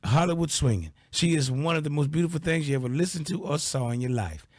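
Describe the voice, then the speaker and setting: A man's voice: fairly high pitch, animated, fast talker, darkish tone, no echo. A man hosting a casual talk radio show, rambling and boisterous with lots of repeated fillers.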